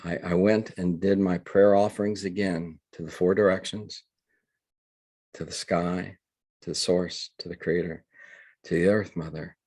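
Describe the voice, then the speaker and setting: Low husky older man, earnest. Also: steady tone, darkish tone, no echo. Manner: earnest, halting storyteller with frequent restarts. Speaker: guest, reverend. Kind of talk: conversational storytelling.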